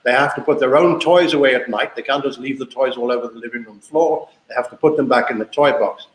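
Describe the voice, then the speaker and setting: A man's voice: mid-range voice, fast. Chatty older man in an echoey room. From South Africa. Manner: chatty, anecdotal, repeats himself. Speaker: guest. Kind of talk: casual storytelling interview.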